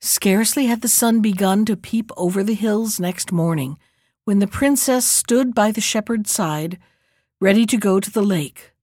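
A woman narrating a fairy tale in a steady, measured reading. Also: mid-range voice, no room sound, studio quality. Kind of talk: storybook reading.

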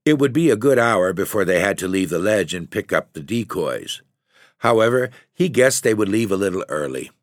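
A man reading a literary story aloud in a measured, steady narration. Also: low voice, dry recording, studio quality. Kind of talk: scripted audiobook narration.

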